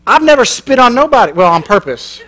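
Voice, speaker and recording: A man's voice: very high-pitched, big pitch swings, fairly quick, background noise. A man preaching a sermon in a church, telling a story in a folksy, joking way and laughing at his own lines. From American Midwest.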